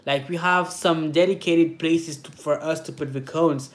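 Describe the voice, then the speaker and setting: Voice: mid-range voice, fairly even intonation, unhurried. A native French speaker with a French accent, hosting a casual livestream as a skater, chatting and reading comments with many hesitant filler sounds. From France. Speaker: livestream host, slalom skater. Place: home in Paris.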